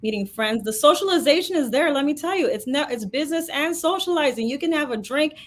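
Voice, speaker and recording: A woman's voice: high voice, lively intonation, fast talker. A woman co-hosting a casual business chat, urging listeners to attend. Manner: encouraging, persuasive. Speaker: co-host of a real estate broker talk.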